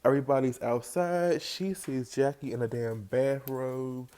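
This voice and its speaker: A man giving a casual, animated recap of a reality TV episode, jumping into high voices to act out what the cast said. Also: measured pace, smooth. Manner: animated, acts out quoted lines in raised voice. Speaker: reality TV reviewer.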